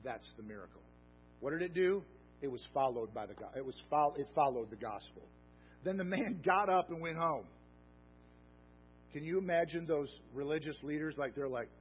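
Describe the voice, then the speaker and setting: A man preaching a sermon, animated and conversational, swinging from emphatic peaks to low, soft asides. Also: normal speed. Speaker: pastor. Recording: dull lo-fi sound with faint music.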